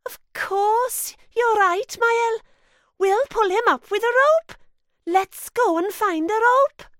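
A woman voicing a brave, bossy young girl who talks in a brisk, commanding way. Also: very high-pitched, fairly bright tone, no echo, clean studio sound, exaggerated voice. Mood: eager.

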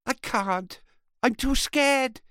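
A woman's voice: high-pitched, slow, fairly bright tone, clear, resonant tone, dry recording, clean studio sound. A whiny boy bully. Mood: scared. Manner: whining and sulky.

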